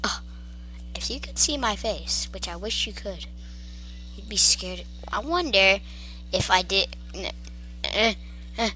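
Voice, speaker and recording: A woman's voice: mid-range voice, animated, slow pace, long pauses, breathy edge. A woman giving casual gameplay commentary, talking playfully to the creatures on screen. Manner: talks to game creatures in a hushed, playful way.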